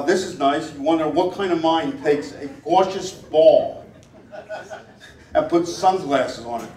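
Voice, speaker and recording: A man performing a live stage act with audience volunteers at a gala, teasing them with wry asides and chanting repeated commands. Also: fairly high pitch. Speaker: stage performer reading body language. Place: event hall at a gala. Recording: roomy hall, voice picked up from a distance.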